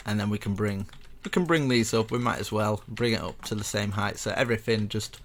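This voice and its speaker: A young man with a low, gravelly voice talks viewers through a building tutorial in a loose, chatty way. He rambles between steps and pokes fun at himself as he goes. Soft keyboard clicks tick away behind him. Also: a little fast, a little hiss or hum. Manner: chatty and rambling, self-mocking asides. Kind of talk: casual step-by-step game tutorial.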